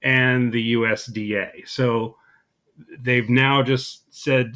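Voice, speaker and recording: A man's voice: mid-range voice, steady tone, slow pace, fairly bright tone. A man co-hosting a podcast, casually recapping a movie with dry, sarcastic humor. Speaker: podcast co-host.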